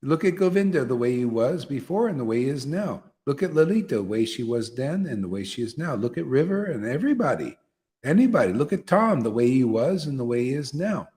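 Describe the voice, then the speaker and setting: A man's voice: mid-range voice, very animated, fairly quick, a little mellow. A man teaching a devotional gathering, repeating phrases and often asking "see?". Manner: repetitive, emphatic, asks listeners "see?". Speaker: spiritual teacher leading satsang.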